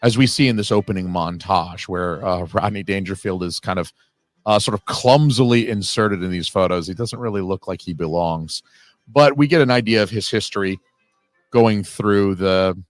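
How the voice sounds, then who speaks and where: A man's voice: deep voice, normal speed, no room sound, faint music behind. A man hosting a casual audio commentary on a film, talking in a rambling, analytical way with the odd swear word.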